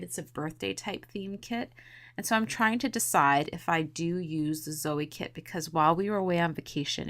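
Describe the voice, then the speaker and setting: A woman's voice: low voice, fairly bright tone. A woman in her thirties, hosting a scrapbooking video, chatting casually to viewers in a morning voice, upbeat and rambling with frequent laughs. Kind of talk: casual chat to viewers while crafting.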